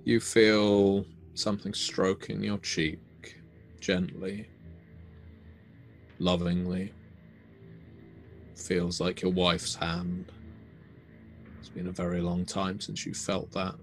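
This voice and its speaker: A man running a tabletop horror game, narrating in a slow, measured, ominous way. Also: low-pitched, little pitch movement, soft background music. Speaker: game master.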